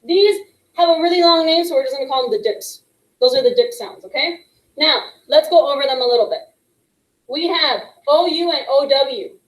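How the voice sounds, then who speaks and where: A woman teaching young students a phonics lesson, patient and encouraging, slowly sounding out letter blends. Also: high voice, echoey room, poor audio. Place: classroom with a whiteboard. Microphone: microphone picked up partway.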